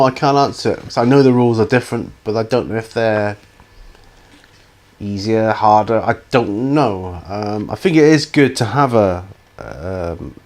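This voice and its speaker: A middle-aged man hosts a viewer Q&A for his YouTube hobby channel, rambling casually with lots of ums, hesitations and restarts. His voice is fairly low and a little mellow.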